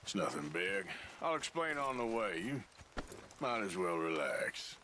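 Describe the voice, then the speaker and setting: A man's voice: sits low, big pitch swings, a little slow. An actor playing a rugged, sardonic male outlaw in a video game, speaking in a dry, blunt way. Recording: game audio with clear background noise.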